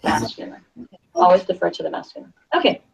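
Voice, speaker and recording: Explaining Spanish to her class in a chatty way, this teacher keeps asking "okay?" to make sure everyone follows. Her fairly low voice is sing-song and fast, with vocal fry. It's captured in a distant, dull, lo-fi classroom recording.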